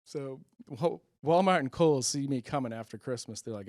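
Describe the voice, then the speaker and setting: A man's voice: mid-range voice, moderate pace, a little mellow, dry recording, clean studio sound. A middle-aged man hosting a stand-up comedy monologue, rambling with self-deprecating, muttered asides. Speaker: comedian host.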